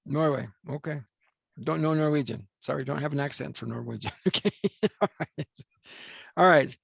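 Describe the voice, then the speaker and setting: A man's voice: a little high, normal speed, creaky, breathy edge, no room sound, highs cut off. A man officiating a wedding over a video call, chatty and joking as he rambles.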